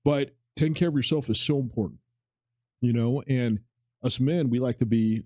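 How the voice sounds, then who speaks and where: A man's voice: mid-range voice, animated, fast, darkish tone, dry recording. A man in his forties chatting casually on a podcast, telling a rambling personal story and acting out the lines of the people in it. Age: 40s. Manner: rambling anecdotal storytelling, acts out quotes, swears casually. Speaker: podcast co-host. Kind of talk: casual chat.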